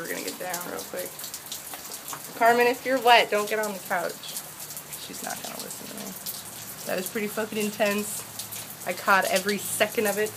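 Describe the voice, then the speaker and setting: A young woman filming a hailstorm on her phone, narrating casually and excitedly, with a lot of swearing and laughter. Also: mid-range voice, creaky. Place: home doorway, hail outside. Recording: loud hail noise behind. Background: hail and rain.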